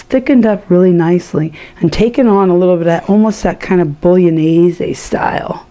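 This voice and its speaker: A woman's voice: lowish voice, fairly quick, hardly any pauses, mellow. A woman hosting a home cooking show, chatting to viewers with enthusiasm as she cooks. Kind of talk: casual cooking demonstration.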